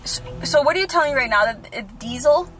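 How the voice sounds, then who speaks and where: A woman's voice: sits high, expressive, quick pace, music in the background. A young woman playing a ditzy, whiny role on a prank phone call, pleading and indignant. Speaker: vlogger pranking her fiancé. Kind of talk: acted prank phone call and vlog aside.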